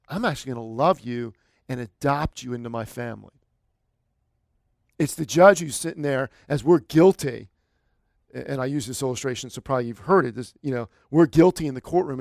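A man's voice: medium pitch, no echo, clean studio sound. A man preaching a sermon in a conversational way, building to emphatic, rising bursts. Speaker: pastor.

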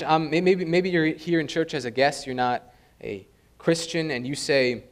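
A young adult man preaching a sermon, animated, acting out the voices he quotes. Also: fairly high pitch, normal speed. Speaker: pastor.

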